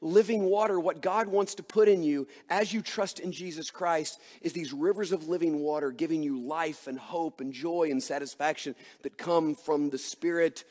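A man's voice: on the high side, moderate pace, hardly any pauses, a little mellow, big-room sound. A man preaching a sermon as pastor, earnest and emphatic, asking his listeners rhetorical questions.

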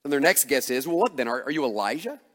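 A man's voice: mid-range voice, sing-song, quick pace, a bit bright, in a large hall. A man preaching a sermon, earnest and emphatic, asking rhetorical questions as he explains a passage. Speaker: pastor.

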